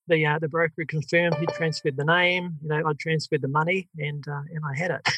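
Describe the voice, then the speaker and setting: Middle-aged New Zealand man, business guest, chatty with frequent laughs, bright upper voice, dry sound. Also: a little high, no echo, poor audio. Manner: chatty, laughs often, many fillers. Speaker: guest, software company CEO. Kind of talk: podcast interview, telling his story. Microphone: video call.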